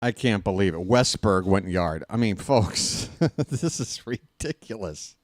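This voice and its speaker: A man calling a game as a live fan play-by-play host in a casual, jokey way, jumping from shouted calls to mutters. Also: lowish voice, expressive, a little slow, dry recording, clean studio sound.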